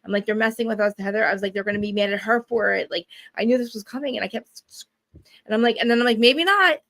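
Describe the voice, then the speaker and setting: A young woman co-hosting a casual chat, animated, swearing and acting out quotes. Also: medium pitch, very fast. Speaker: podcast co-host.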